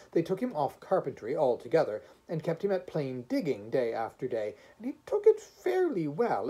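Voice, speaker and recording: A man reading a short story aloud, narrating with expression and measured pacing. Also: mid-range voice, dark tone, slightly rough. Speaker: audiobook reader.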